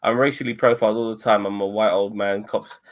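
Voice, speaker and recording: A man's voice: lowish voice, fairly even intonation, quick pace. Profane ranting man. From United Kingdom. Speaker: podcast host. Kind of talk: casual panel chat.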